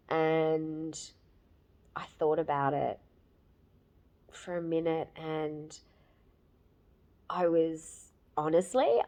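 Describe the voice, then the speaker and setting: A woman in her fifties giving a candid, emotional personal testimonial, with many fillers and pauses. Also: low voice. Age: 50s. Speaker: program client giving a testimonial.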